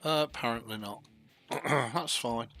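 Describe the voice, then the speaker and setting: A man giving rambling, self-deprecating live commentary as he streams a truck driving game, stopping now and then to cough or clear his throat. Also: mid-range voice, takes it slowly, faint music behind. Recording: loud noise behind the voice.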